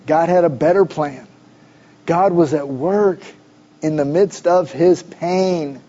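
A middle-aged pastor preaches a sermon in a conversational, animated way, tossing asides to the congregation. He has a high voice, and the audio sounds dull.

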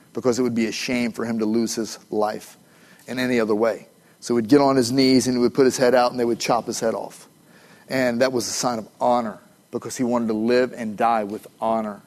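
A middle-aged male pastor preaching a sermon in an emphatic, animated way, with playful asides to his congregation. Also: mid-range voice.

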